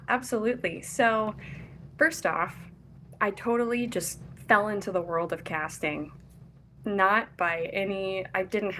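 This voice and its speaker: A woman's voice: mid-range voice, fairly bright tone, slight background noise. A young woman from Kentucky, an actress and casting director, talking in a chatty, upbeat, giggly way as a podcast guest. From Louisville, Kentucky. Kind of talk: casual interview.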